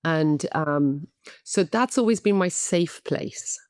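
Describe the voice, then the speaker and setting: A woman's voice: low-pitched, animated, slow, a little mellow, no echo, studio quality. A middle-aged woman with an Irish accent, a guest actress talking candidly and chattily in a podcast interview, self-deprecating and full of "um"s. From Ireland.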